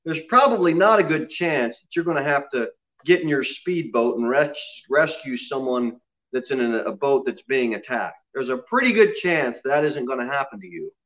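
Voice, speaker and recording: A man delivering an expository church sermon, swinging from hushed, low solemn lines to loud, raised emphasis. His voice sits at an ordinary middle pitch. The recording sounds a bit dull and lo-fi. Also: lively intonation, normal speed. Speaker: pastor. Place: church sanctuary.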